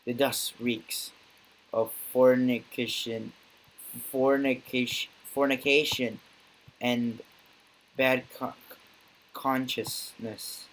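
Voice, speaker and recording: A man voicing a grim, terse male vigilante reading his own journal, in a flat, halting, clipped way. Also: medium pitch, slight background noise, close to an everyday voice, poor audio. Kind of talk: amateur dramatic reading.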